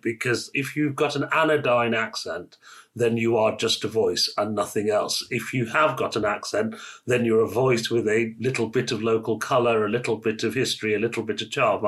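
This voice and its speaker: Male host from Manchester, chatty, bright voice. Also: medium pitch. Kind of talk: casual panel discussion.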